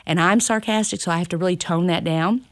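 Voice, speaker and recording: A woman in her fifties, a grandmother, telling family stories in a lively, chatty way as an interview guest. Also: on the low side, fast, no echo, clean studio sound. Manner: animated, acts out family dialogue in lively voices; self-described sarcastic, chatty. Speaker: parenting workshop guest. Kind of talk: storytelling interview chat.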